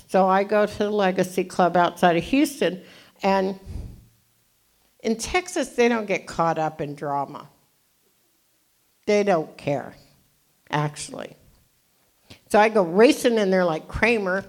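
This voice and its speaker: A woman in her seventies from California gives an animated, jokey, self-deprecating storytelling talk as a recovery meeting speaker. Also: medium pitch, a little slow, pauses often. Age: 70s.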